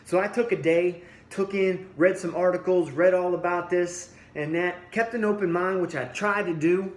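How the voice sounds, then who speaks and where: A man's voice: high-pitched, fairly even intonation, moderate pace. Blunt man ranting in an echoey room. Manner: blunt, repeats himself, restarts sentences. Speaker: fitness vlogger. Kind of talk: heated opinion rant. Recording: echoey room with faint ambience.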